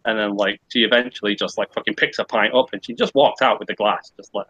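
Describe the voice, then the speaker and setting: Husky man telling a pub story. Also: fairly low pitch, steady tone, quick pace, sharp tone, no echo, dull audio. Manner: rambling anecdote with swearing and impressions. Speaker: podcast co-host. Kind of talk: casual storytelling chat.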